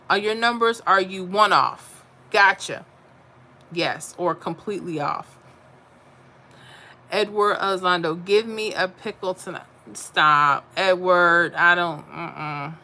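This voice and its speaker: Woman host, chatty, bright tone, answers chat on her live stream. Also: on the low side. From Florida. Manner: chatty, reads viewer comments aloud and answers them. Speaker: livestream host reading chat. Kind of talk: casual livestream chat.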